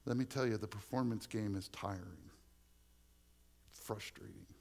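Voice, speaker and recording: A man's voice: on the low side, a little slow, a little mellow. A male pastor preaching a conversational sermon full of personal stories, often dropping to a near-whisper for emphasis.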